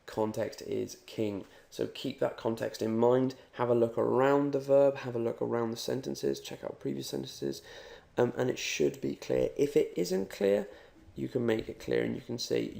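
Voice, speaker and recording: A man's voice: medium pitch, normal speed, creaky, dark tone. A man teaching a recorded Spanish lesson, talking to the learner in an upbeat, encouraging way. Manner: upbeat, talks straight to the learner.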